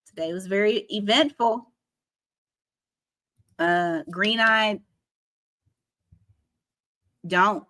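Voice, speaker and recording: A woman's voice: mid-range voice, sharp tone. Blunt, laughing tarot reader woman. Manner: blunt, swears freely, laughs often, slows to stress advice. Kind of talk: casual tarot reading to camera.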